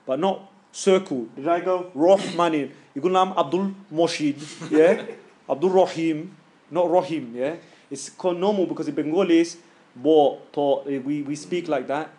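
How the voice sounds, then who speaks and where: A man teaching a tajweed class in a casual, joking way, stretching out sounds slowly and loudly to demonstrate them. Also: fairly high pitch.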